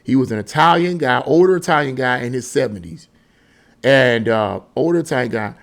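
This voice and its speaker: A man's voice: mid-range voice, brisk. A man giving casual, rambling opinion commentary on a vlog, chatty and often chuckling. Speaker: political commentary vlogger.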